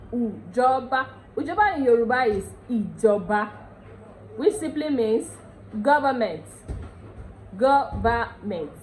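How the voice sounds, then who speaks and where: Nigerian woman, casual dialect teacher, a bit high, chatty, drills words slowly, faint noise behind. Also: darkish tone, low-quality recording. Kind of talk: casual language lesson.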